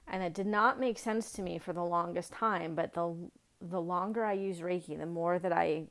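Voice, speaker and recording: Middle-aged woman, low gravelly voice, earnest personal storyteller, halting and reflective. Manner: earnest, reflective, many fillers and restarts.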